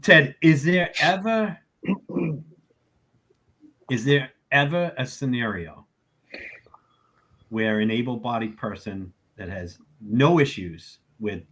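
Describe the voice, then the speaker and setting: A man's voice: medium pitch, expressive, takes it slowly, pauses often, a bit bright. A man hosting a casual podcast, joking and laughing a lot as he asks his co-host questions. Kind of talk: casual chat.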